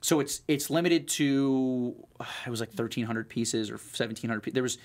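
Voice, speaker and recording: A man's voice: medium pitch, moderate pace. Guy co-hosting a watch show, casual rambling talk, lots of ums. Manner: rambling, many fillers and restarts. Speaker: watch trader co-host. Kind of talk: casual chat.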